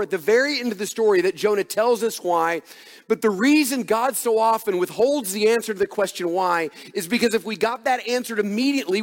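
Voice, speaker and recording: A male pastor delivering a sermon, reading scripture aloud and building emphatic points with touches of humor. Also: high-pitched. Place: church sanctuary. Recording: long hall reverb.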